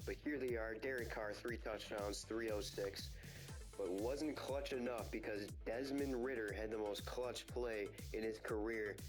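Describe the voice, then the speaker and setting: A man giving excitable play-by-play commentary on a football video game, breaking into loud exclamations. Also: lowish voice, poor audio. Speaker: gaming video host.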